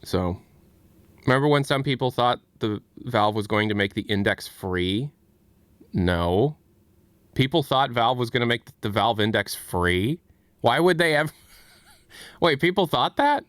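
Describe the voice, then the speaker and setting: A man's voice: medium pitch, expressive, a little slow, pauses often, fairly bright tone, dry recording. An American man hosting a livestream, talking casually and frankly, often restarting his sentences. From United States. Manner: rambling, self-interrupting, frank. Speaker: livestream host.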